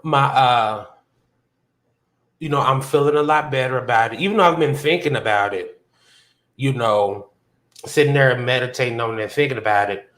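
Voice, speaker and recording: A man hosting a casual livestream chat, telling a story from work in an animated way and jumping high in pitch when he quotes himself. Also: moderate pace, long pauses. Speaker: podcast host. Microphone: phone on a hotspot.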